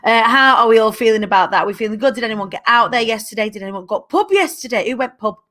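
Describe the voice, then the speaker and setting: A woman's voice: a little high, expressive, fast, bright, forceful tone. A bubbly, chatty woman in her thirties, hosting a live show and talking playfully with her viewers. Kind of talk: live-stream chat with viewers.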